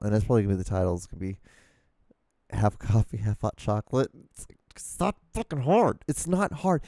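Male solo podcast host, mellow voice, dry close mic, swears a lot while ranting. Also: fairly low pitch, vocal fry, no room sound. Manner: profane, exasperated ranting. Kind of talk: casual solo rambling rant. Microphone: studio microphone, talking to camera.

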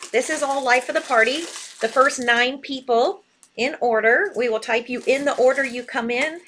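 A woman hosting a live jewelry sale stream, excitable and reading buyer names aloud as she types. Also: sits high, moderate pace, a little hiss or hum.

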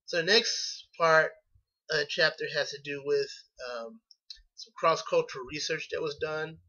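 A man's voice: a little high, sharp tone. A man, a graduate student, presenting a chapter for class in an unscripted way, hesitant with many fillers and restarts. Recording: dull lo-fi recording.

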